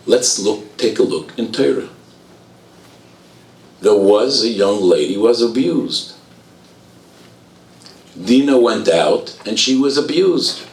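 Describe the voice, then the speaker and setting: A man with a very deep voice addresses an audience as a rabbi, firing off rhetorical questions one after another and slipping in wry jokes at his own expense. He is heard from a distance in a roomy hall, with faint ambient noise behind him. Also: lively intonation, slow, long pauses, a little mellow. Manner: wry, self-deprecating asides. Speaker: rabbi giving a speech. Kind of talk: public speech at an event.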